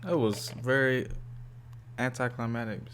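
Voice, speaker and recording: A man's voice: mid-range voice, fairly even intonation, unhurried, noisy background. A man hosting a reaction video, talking back at a clip in casual commentary and repeating words.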